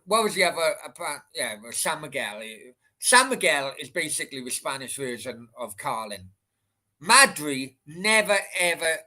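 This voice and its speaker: A man's voice: on the high side, pushed and bright. A man with a Welsh accent hosting a casual late-night livestream Q&A, rambling and swearing freely as he answers chat. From Wales. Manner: rambling, chatty, sweary, many restarts.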